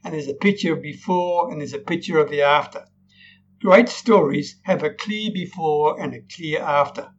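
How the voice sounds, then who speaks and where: A man with a fairly high voice coaches an audience on storytelling, acting out sample lines and tagging his points with "right?". The recording is dull and lo-fi, with a faint hiss underneath. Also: normal speed. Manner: demonstrates tones, frequent "right?" tag questions. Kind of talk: recorded lesson.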